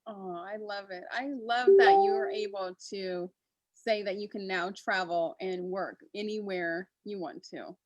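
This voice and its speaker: A woman's voice: medium pitch, fairly even intonation, a little slow, a little mellow, no room sound. A woman co-hosting a morning talk show, gushing and laughing easily. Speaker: co-host. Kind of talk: casual talk-show chat.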